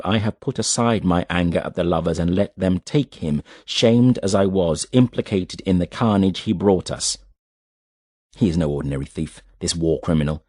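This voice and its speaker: A man voicing a cold, measured man of war, speaking slowly and with quiet menace in an audiobook reading. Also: deep voice, no room sound, clean studio sound, exaggerated voice.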